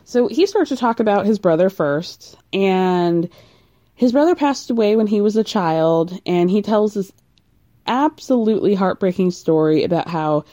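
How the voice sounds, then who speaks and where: A woman's voice: mid-range voice, lively intonation, normal speed, warm tone. A woman casually recapping a reality show in a chatty way, full of "like" and sarcastic asides.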